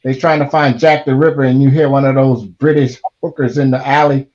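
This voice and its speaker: A man's voice: medium pitch, steady tone, a little fast, a little mellow, muffled recording, slight background noise. A man joking and laughing in a casual group video chat.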